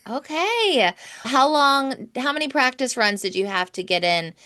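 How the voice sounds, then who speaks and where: Podcast host woman, quick reactions. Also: sits high, expressive, sharp tone. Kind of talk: podcast interview.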